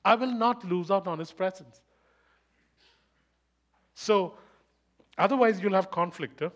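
A man's voice: high-pitched, measured pace. A man preaching a sermon to a live audience, telling a personal story with frequent laughter and repeating key phrases for emphasis.

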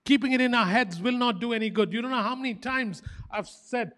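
Fervent high-voiced male preacher. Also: fairly quick. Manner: emphatic, repeats phrases for stress; fervent, animated exhortation. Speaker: pastor. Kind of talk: sermon.

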